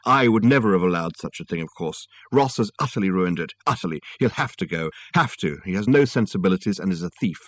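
A man voicing a silky, over-refined man who speaks softly and hesitantly, with many pauses. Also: sits low, expressive, no room sound. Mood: aggrieved. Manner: soft, hesitant, full of uh's. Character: silky, over-refined middle-aged man, wounded and precious.

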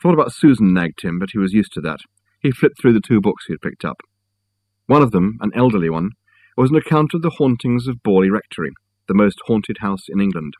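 A man narrating a story with steady, measured storytelling. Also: fairly low pitch. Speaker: audiobook narrator. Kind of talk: scripted narration.

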